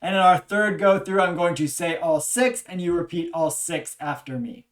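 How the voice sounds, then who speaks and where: A language instructor giving a recorded lecture, patiently explaining and leading repeat-after-me drills with frequent pauses and fillers. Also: medium pitch, far from the mic.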